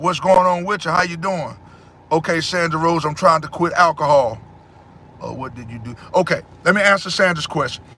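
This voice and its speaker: A man hosting a casual livestream, answering his chat in a loud, preachy way and repeating phrases. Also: on the high side, a little hiss or hum.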